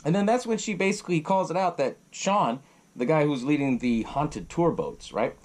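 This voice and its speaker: Lively, profane man recapping a movie. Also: a little high, normal speed. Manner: animated, profane storytelling with frequent laughs. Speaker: podcast host.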